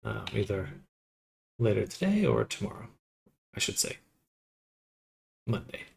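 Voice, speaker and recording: A man casually thinking aloud with pauses while he works live on a 3D model. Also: lowish voice, big pitch swings, creaky, a little mellow. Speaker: 3D modeling streamer. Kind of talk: casual live-stream commentary while working.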